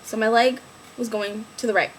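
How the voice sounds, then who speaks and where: A young woman vlogger on crutches, injured, chattily retells the story of an accident in a casual vlog, animated and packed with fillers. Her voice is fairly high and at normal speed, with slight background noise.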